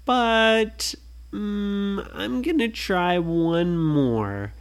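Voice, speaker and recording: A parent telling a bedtime story, putting on the voice of a cheerful, curious young girl with gentle, delighted exclamations. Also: mid-range voice, drawn-out words, clean tone, voice pushed up.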